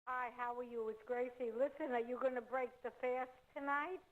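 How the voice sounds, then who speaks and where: A woman phones in to a radio show and chats in a brisk, teasing way. Her voice is high, and the phone line makes it sound dull and lo-fi. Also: steady tone. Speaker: caller. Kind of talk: casual phone-in chat.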